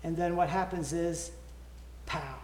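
A preacher talks earnestly to his congregation, stumbling over repeated words as he tells a story. His voice sits a little high for a man. The sound rings in an echoey church. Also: moderate pace, slight background noise. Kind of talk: sermon invitation.

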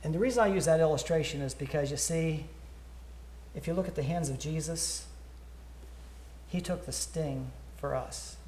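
A preacher talks earnestly to his congregation, stumbling over repeated words as he tells a story. His voice sits a little high for a man. The sound rings in an echoey church. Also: moderate pace, pauses often, darkish tone, a little hiss or hum. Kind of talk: sermon invitation.

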